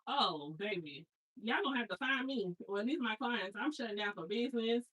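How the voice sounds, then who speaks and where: Chatty bright-voiced woman in her thirties. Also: a little high, lively intonation, a little fast, breathy edge, dull audio. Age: 30s. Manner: chatty, rambling storyteller with slangy asides. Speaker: hair stylist and vlogger. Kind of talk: casual chat while unpacking.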